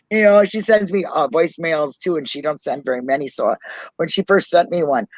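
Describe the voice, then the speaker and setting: A man with a Minnesotan accent in casual podcast chat, chatty, talking fast and laughing often. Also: on the high side, no echo, low-quality recording. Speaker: podcast co-host.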